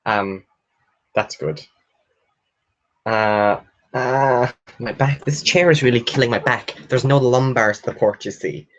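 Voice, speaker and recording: Young male book vlogger, casual and excitable, average pitch, dull home-webcam audio. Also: slow pace, pauses often. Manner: chatty and excitable, swears freely, bursts into loud squeals of delight. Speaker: book vlogger hosting a live Q&A. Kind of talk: casual livestream chat, reading out viewer questions. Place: at home, sitting in a chair.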